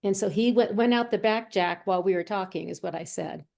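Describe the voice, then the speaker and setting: Warm-voiced woman medium telling stories. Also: mid-range voice, a little fast, creaky. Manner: animated storyteller who acts out quoted voices. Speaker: medium and healer, interview guest. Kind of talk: conversational storytelling.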